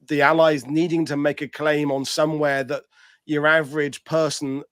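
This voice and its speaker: A man hosting the show, chatting casually and adding his own points to the guest's talk in quick asides. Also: on the high side, little pitch movement, fairly bright tone, clean tone, dry recording, studio quality. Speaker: host. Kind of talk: casual chat.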